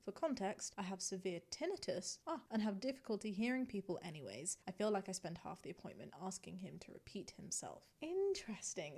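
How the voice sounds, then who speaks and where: A woman hosting a casual commentary show, reading posts aloud and then thinking out loud in a chatty, reflective way. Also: medium pitch. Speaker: host reading and judging online posts.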